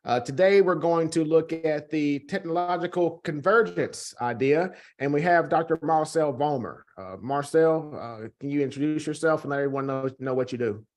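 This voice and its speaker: A man's voice: on the high side, moderate pace, hardly any pauses. A man hosting an interview in a casual way, with a few fillers and restarts. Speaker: host.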